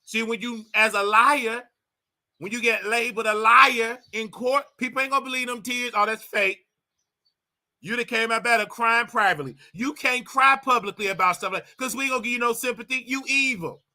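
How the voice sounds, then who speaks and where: High, bright-voiced mocking male host. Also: a little fast. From United States. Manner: mocking, animated, mimics others in exaggerated voices. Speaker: commentary show host. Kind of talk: casual commentary.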